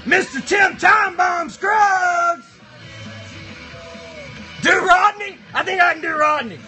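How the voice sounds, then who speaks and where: A man's voice: extremely high pitch, takes it slowly, sharp tone, raised voice, faint music behind, heavily acted. A man voicing a rowdy, foul-mouthed cardboard box monster, bantering crudely with a live stream chat.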